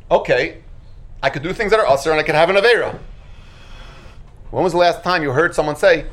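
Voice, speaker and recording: Animated religious lecturer with sound effects. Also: medium pitch, moderate pace. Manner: rhetorical questions. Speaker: religious teacher. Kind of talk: Torah lecture.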